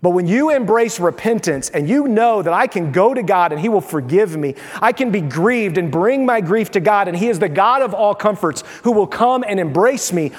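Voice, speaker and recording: High-voiced man preaching in a reverberant hall. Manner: conversational, animated preaching with acted asides. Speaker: pastor. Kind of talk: sermon.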